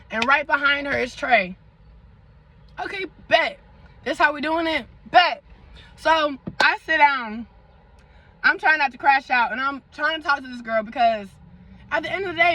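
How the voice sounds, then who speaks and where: Bright high-voiced young woman storytelling. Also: rough recording. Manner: animated, dramatic storytelling with slang and asides to viewers. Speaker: vlogger. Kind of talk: storytime vlog.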